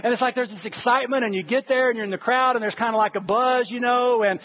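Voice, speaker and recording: A middle-aged pastor preaches in an animated, storytelling way and bursts into excited shouts. His voice sits high and sounds husky. The church recording is dull and lo-fi. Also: fast. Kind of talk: sermon.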